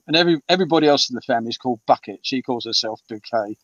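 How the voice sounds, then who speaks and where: A British author in his fifties is interviewed in a casual chat, talking very fast in a mid-range voice and rambling with lots of ums and restarts. The recording is muffled, distant and dry, with no room sound.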